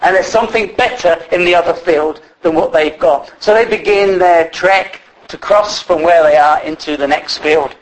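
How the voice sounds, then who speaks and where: A man's voice: on the high side, normal speed, low-quality recording. A man preaching a sermon in a conversational way, with many fillers and restarts.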